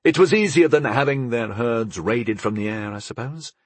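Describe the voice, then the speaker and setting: A man voicing a measured, diplomatic young male apprentice giving a report. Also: medium pitch, dry recording, natural voice.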